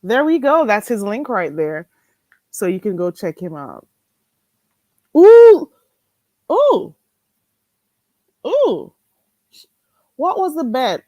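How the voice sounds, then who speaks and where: Lively Jamaican woman chatting on a livestream. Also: mid-range voice, moderate pace, no echo. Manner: animated, laughing, exclaiming at chat. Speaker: livestream host. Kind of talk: casual livestream chat reading comments.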